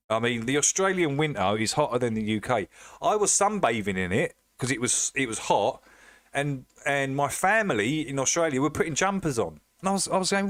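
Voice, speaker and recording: A man's voice: medium pitch, sing-song, moderate pace, fairly bright tone, no echo. A man hosting a casual livestream chat, laughing often and repeating himself as he jokes. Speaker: livestream host.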